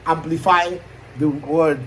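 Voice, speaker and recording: A man's voice: on the high side, steady tone, slow, fairly bright tone, a little hiss or hum, poor audio. A Nigerian-accented man thinking aloud in a casual, reflective chat, trailing off into asides as he muses. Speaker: aspiring YouTuber.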